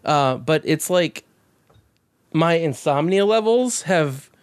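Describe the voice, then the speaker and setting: A man co-hosting a podcast, talking about games in a fast, rambling way, swearing often and getting excited. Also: on the high side, clean tone, dry recording. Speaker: podcast co-host. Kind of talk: casual chat.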